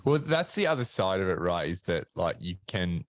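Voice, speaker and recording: Deep-voiced man hosting a podcast. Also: moderate pace. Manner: relaxed, leading questions. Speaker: podcast host. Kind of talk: casual podcast interview.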